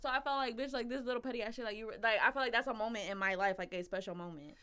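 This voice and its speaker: High bright-voiced woman, blunt storyteller. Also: rapid-fire, clean tone. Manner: blunt, profane storytelling with quoted comebacks. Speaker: podcast co-host. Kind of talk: casual chat.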